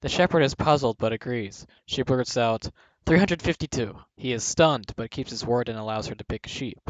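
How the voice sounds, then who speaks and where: A man's voice: mid-range voice, fairly quick, no room sound. Man reading jokes, laughing between lines. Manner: breaks into laughter mid-sentence. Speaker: video host reading jokes aloud. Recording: dull, dry home recording.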